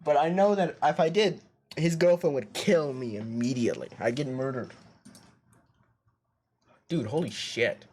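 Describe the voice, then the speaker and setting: Husky streamer swearing in loud outbursts. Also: male voice, mid-range voice, measured pace, pauses often. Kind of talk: reacting while reading a story game aloud.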